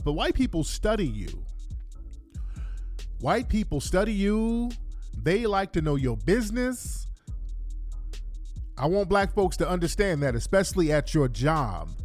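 A man's voice: high voice, darkish tone. A man delivering a blunt, profane ranting monologue, repeating his points for emphasis. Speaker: commentator.

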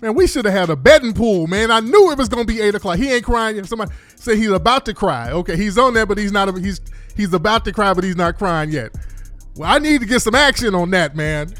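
High-pitched guy ranting to his stream, blunt and animated, some quiet music in back. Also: quick pace, no echo. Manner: blunt, animated, repeats himself. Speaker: livestream commentator. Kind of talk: casual livestream commentary.

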